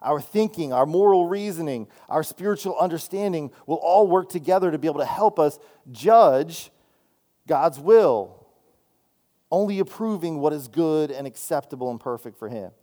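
A man's voice: on the high side, lively intonation, normal speed, warm tone. Conversational youth preacher, man. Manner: conversational, repeats "right?" and restarts often. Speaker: student minister. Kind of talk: sermon.

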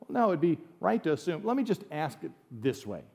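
A middle-aged man from the United States preaches in a relaxed, talky way, his slightly raised voice climbing into emphatic bursts to drive points home. He speaks as a pastor giving a sermon. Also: on the high side, fairly quick, creaky.

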